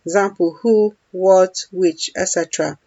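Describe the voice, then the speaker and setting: Slow, patient woman teaching a language. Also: on the low side, steady tone, mellow, dry recording, highs cut off. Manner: patient, repeats each phrase for practice. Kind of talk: slow language lesson with repeated phrases.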